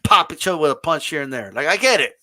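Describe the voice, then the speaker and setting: A man hosting a live stream, giving an animated, casual rant full of restarts and the odd swear. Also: on the high side, quick pace. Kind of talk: casual ranting commentary.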